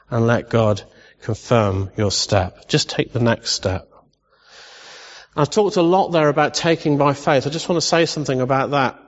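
Male preacher in an echoing hall. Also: mid-range voice. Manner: conversational, asks the congregation questions, playful asides. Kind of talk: sermon. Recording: dull recording in a long-reverb hall.

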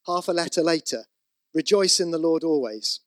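A man's voice: a little high, animated, normal speed, no echo. A man preaching a sermon, conversational with asides, rising to emphatic repeated exhortations. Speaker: pastor.

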